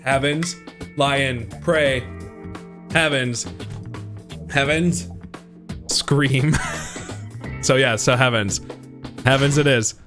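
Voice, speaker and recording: A young man streaming a game live, excitable and giggly as he talks to his chat. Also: medium pitch, drawn-out words, pauses often, music in the background.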